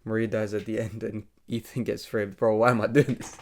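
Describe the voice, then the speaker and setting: Ranting man with a lowish voice. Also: flat delivery, brisk, few pauses, darkish tone, no echo, clean studio sound. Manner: casual, swearing, ranting. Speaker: film reviewer. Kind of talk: casual film review vlog.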